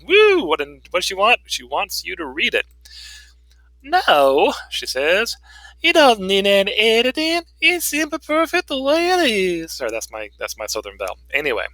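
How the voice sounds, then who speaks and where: Man, college instructor, bright, forceful voice, chatty lecture, frequent okays, close and dry. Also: mid-range voice, no room sound, low-quality recording. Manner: conversational, frequent "okay" and "um" check-ins; chuckles and jokes lightly with students. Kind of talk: recorded online lecture walkthrough. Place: in Raleigh, North Carolina.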